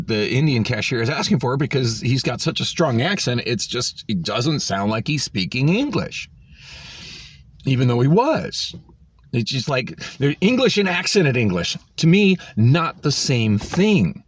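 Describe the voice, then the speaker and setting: A man's voice: mid-range voice, big pitch swings, moderate pace, slightly rough. A man recording a vlog on his phone, exasperated and sarcastic as he rants about a store visit, swearing freely. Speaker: vlogger. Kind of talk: ranting vlog storytelling.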